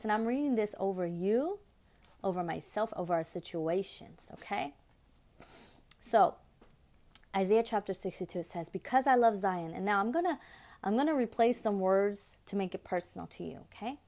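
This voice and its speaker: A woman's voice: medium pitch, creaky, a little mellow. A woman hosting a devotional podcast, talking earnestly and preaching, repeating phrases for emphasis. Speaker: podcast host.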